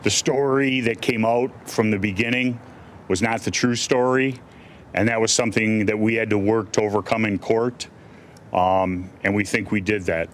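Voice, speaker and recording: Blunt low-voiced man, faint background noise. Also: fairly even intonation, normal speed. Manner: blunt, candid, frequent restarts and fillers. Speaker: defense attorney. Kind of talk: press conference answers.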